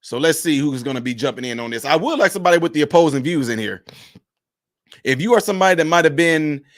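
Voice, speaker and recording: A man's voice: fairly high pitch, animated, quick pace, dry recording, clean studio sound. A man who is a minister, streaming and talking in a preachy, emphatic, repetitive cadence. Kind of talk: preachy livestream commentary.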